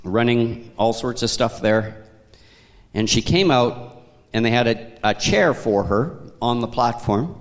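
A man's voice: mid-range voice, measured pace. Man, pastor, conversational sermon, chuckling asides, handheld mic, long church reverb. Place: church sanctuary. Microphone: handheld microphone.

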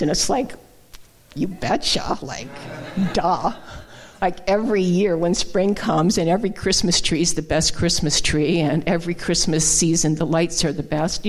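A woman's voice: low voice, darkish tone. A woman giving a conversational, folksy sermon, with many fillers and restarts. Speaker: guest speaker. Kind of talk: informal sermon.

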